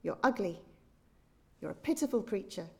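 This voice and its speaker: A woman's voice: medium pitch, animated, normal speed, gravelly, dark tone. A woman doing a mean, scornful storybook man. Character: mean, cruel man who lies to the caged tiger.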